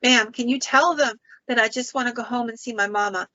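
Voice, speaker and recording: A woman puts on the ghost of a teenage boy soldier, homesick and pleading, his voice a touch higher than hers and bright. He speaks softly and politely, and the recording sounds dry and a little dull. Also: a little fast, no echo.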